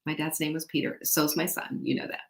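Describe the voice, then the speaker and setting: A woman's voice: low voice, level tone, fairly quick, vocal fry. A middle-aged woman hosting a motivational talk, chatty and often putting questions to her audience. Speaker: host. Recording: echoey room.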